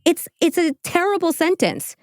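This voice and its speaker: A woman's voice: extremely high pitch, animated, moderate pace, no room sound. Chatty woman podcast host, giggles a lot, swears, super dry close mic. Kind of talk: casual chat.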